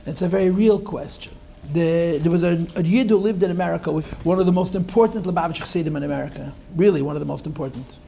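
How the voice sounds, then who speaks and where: Older man teacher for a classroom talk, high pitched with a gravelly fry, wandering storyteller with wry asides. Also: fast talker, mellow.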